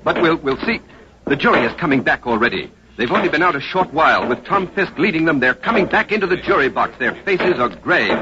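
An actor playing a radio reporter who describes a courtroom scene live in steady, vivid narration, on an old radio drama recording. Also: male voice, a little high, brisk. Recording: dull old radio broadcast over crowd noise.

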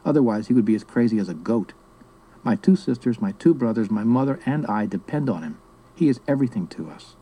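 A man reading aloud as a serious, formal young boy with a gruff little voice. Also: lowish voice, animated, a little fast, warm tone, low-quality recording. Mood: solemn.

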